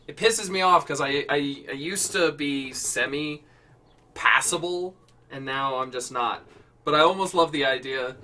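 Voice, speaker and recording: A man's voice: medium pitch, measured pace, sharp tone. Rambling, swearing man, far from the mic. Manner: rambling, self-correcting, swears often. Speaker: host. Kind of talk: casual improv prompt chat.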